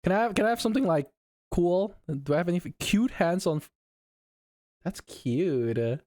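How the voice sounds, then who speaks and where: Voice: medium pitch, animated, normal speed, dry recording, studio quality. A VTuber streamer chatting casually on a live stream, laughing a lot and swearing often. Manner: giggly, swears often, reacts out loud.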